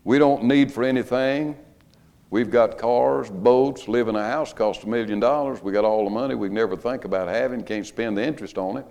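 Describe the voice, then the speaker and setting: Forgetful, weepy ninety-year-old man in a spoken joke, slow drawl, Southern American accent, put on by an older preacher. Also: mid-range voice, gravelly, darkish tone, lightly acted. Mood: mournful.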